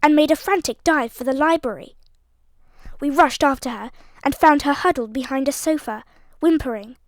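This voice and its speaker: A woman with a fairly high voice reads a story aloud with expressive, lively delivery. The sound is close and dry, with no room around it. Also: normal speed, no room sound. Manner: expressive, voices each character. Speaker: audiobook narrator. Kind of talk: storytelling narration.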